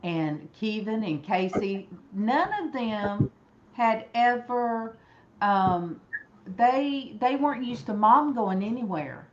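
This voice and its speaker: A woman from Alabama hosting a casual online chat, telling a long story in an animated, rambling way. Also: on the high side, slow, muffled recording, slight background noise. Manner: animated, rambling, acts out quoted voices. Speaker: host. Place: room indoors, echoey.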